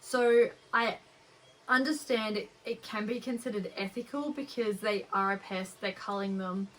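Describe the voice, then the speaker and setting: A woman's voice: medium pitch, measured pace, a little hiss or hum, rough recording. A young woman with an Australian accent, hosting a knitting podcast in a rambling, chatty way. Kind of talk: casual chat.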